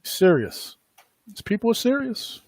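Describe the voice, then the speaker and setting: A man hosts a podcast in a casual, rambling way, full of fillers and quick laughs. His voice sits a bit high for a man and has a husky edge. The sound is dry and close, with no room around it. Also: very animated, a little mellow, no room sound. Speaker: podcast host. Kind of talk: casual livestream commentary.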